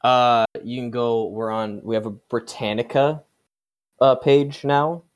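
A man co-hosting a casual comedy podcast, cracking sarcastic, deadpan jokes. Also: medium pitch, unhurried. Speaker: podcast co-host.

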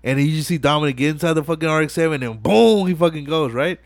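A man hosting a podcast, retelling a film scene in casual chat with animated, profane storytelling. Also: on the high side, fast, no echo, studio quality. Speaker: podcast host.

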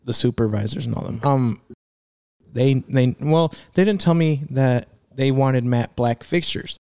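A man's voice: medium pitch, a little slow, a little mellow, smooth, no room sound, studio quality. A young man working as a plumber, chatting casually and cursing often, mixing in some Spanish words. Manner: profane, laid-back, slips into Spanish. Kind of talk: casual chat.

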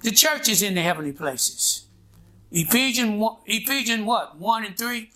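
A man's voice: high voice, moderate pace, bright, forceful tone. A man preaching a sermon in a call-and-response style, prodding his congregation with "what?" and "huh?" and waiting for them to answer. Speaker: pastor.

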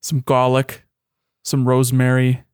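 A man's voice: mid-range voice, monotone, a little slow, a little mellow, clean tone, no room sound. A young man co-hosting a podcast in casual chat, teasing his co-host with dry, wry remarks.

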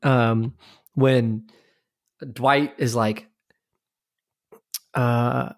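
A man's voice: mid-range voice, fairly even intonation, extremely slow. A man in casual chat, laughing as he acts out lines from favorite sitcom scenes.

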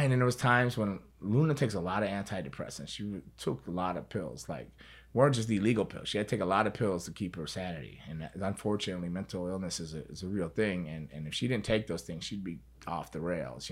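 A man with a low, slightly rough voice tells a story as an interview guest. He rambles casually, repeats words and swears freely.

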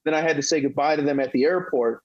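Animated, laughing man co-host. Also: fairly high pitch, quick pace, muffled recording. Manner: animated storyteller, laughs often. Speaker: podcast co-host. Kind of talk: casual chat.

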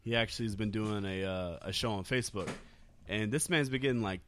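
A man's voice: on the low side, brisk, fairly bright tone, slight background noise. A young man co-hosting a casual drinking podcast, talking loosely with crude jokes and laughs. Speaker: podcast co-host.

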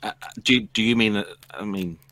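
Low-voiced teasing male co-host. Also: bright, forceful tone, no room sound. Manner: teasing, halting with restarts. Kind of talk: casual podcast chat.

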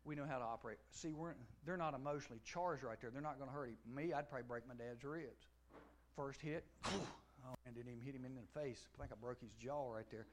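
A middle-aged man preaching a sermon to a youth audience, telling the story with animation and acting out dialogue, swinging from loud to hushed. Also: medium pitch, fairly quick, a little hiss or hum. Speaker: pastor. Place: large room before a youth audience.

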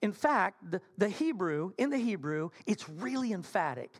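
A man preaching in a church sanctuary, playful and animated as he tells his story. He swings from punchy, raised lines down to near-whispered appeals, then builds back up. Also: high-pitched, moderate pace. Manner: animated, playful storytelling with sudden soft drops. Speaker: senior minister. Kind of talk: sermon.

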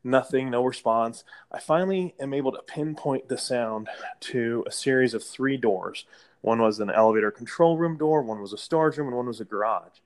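Guy rambling thru a work story, mid-pitch voice, stops and restarts, chuckles here and there. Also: moderate pace. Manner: rambling anecdote with restarts and light laughter. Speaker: property manager guest. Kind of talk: casual interview storytelling.

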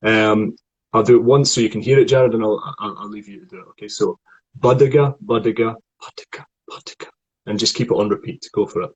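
Guy voice coach, husky voice, talks you through warm-ups and counts out the reps. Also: fairly low pitch, level tone, quick pace, muffled recording. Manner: coaching, counts out exercises and demonstrates sounds. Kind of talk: guided vocal warm-up lesson.

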